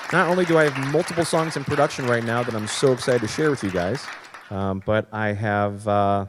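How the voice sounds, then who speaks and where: A man's voice: mid-range voice, long reverb tail. A man hosting his weekly comedy-music livestream from home, rambling in a self-deprecating way with crude jokes. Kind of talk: casual livestream banter. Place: home, streaming.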